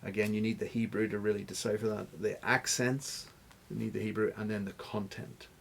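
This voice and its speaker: A man's voice: lowish voice, level tone, fairly quick, vocal fry, slight background noise. A man answering interview questions as a guest scholar, explaining step by step like a teacher. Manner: teacherly, stops to spell out examples.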